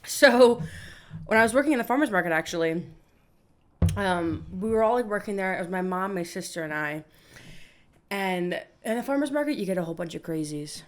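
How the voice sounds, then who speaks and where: A woman's voice: medium pitch, expressive, fairly quick. A young woman co-hosting a comedy podcast, telling stories in casual chat with lots of laughing and filler words. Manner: giggly, laughs often, many fillers. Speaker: podcast co-host.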